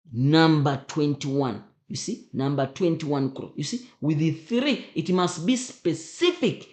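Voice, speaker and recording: A teacher going through exam questions, emphatic and often repeating questions back to the class. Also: medium pitch. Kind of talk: exam revision lesson. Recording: roomy echo.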